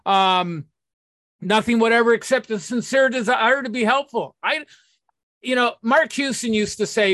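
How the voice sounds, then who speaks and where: A man's voice: very high-pitched, moderate pace, fairly bright tone, dry recording. A man giving a blunt, profane talk on recovery and sponsorship, acting out the people he quotes.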